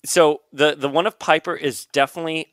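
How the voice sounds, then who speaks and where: A man's voice: fairly high pitch, fairly even intonation, a little fast, a bit bright, no room sound, studio quality. A man hosting a podcast, chatting casually about comics, laughing often and reading comic lines aloud. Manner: apologetic, laughing, reads comic dialogue aloud. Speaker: podcast host.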